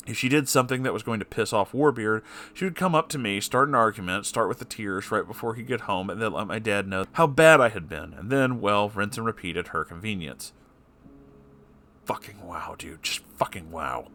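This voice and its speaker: A man's voice: on the low side, pushed and bright. A man reading a story aloud and often breaking off to swear and react angrily. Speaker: story reader.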